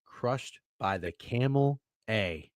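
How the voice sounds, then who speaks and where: Animated, profane young man on video call. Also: medium pitch, takes it slowly, no echo, clean studio sound. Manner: profane, joking, flustered by camera trouble. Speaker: podcast co-host. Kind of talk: casual sports betting chat over video call.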